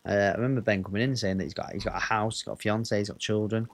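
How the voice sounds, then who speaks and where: Over a little hiss or hum, this Northwest English man talks very fast in a lowish, steady voice. It's a relaxed racing-game stream where he swears freely and jokes around with his chat.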